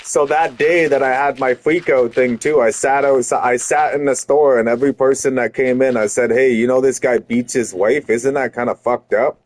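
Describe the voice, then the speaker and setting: A man's voice: mid-range voice, fairly even intonation, normal speed, hardly any pauses. A man streaming, telling an angry story with constant swearing and heated retorts. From Canada. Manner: heated, profane, rising to shouted retorts.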